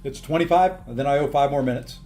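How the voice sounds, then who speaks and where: A man's voice: mid-range voice, fast talker, dark tone, faint music behind. A tired, upbeat man live-streaming a video game, chatting casually and thanking viewers by name as he plays.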